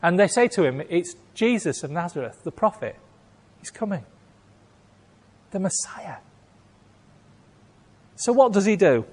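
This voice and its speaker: A man preaching a sermon, telling a story with acted-out voices and big swings between loud and hushed. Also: high voice, very animated, a little slow, long pauses, breathy edge. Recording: long hall reverb.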